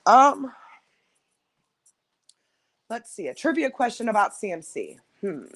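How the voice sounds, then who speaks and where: A woman's voice: medium pitch, sing-song, slow, creaky. A woman hosting a casual live stream from home on her phone, rambling and chatting directly with her viewers. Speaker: livestream host.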